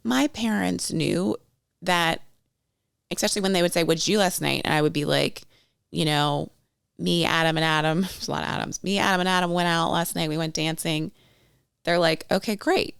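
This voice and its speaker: A woman's voice: fairly low pitch, steady tone, moderate pace, vocal fry, fairly bright tone, clean tone, dry recording, studio quality. A woman in her thirties co-hosting a podcast, chatting casually and telling stories with quoted voices. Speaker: podcast co-host. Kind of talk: casual chat.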